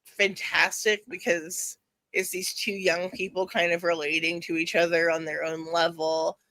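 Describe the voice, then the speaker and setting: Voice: medium pitch, flat delivery, a little slow, pushed and bright, dry recording. A podcast co-host in casual chat about a TV show, chatty with laughing asides.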